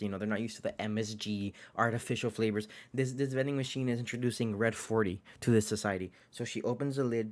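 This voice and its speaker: A young man giving a casual, chatty video review, full of fillers, restarts and jokey asides. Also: on the low side. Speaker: anime reviewer.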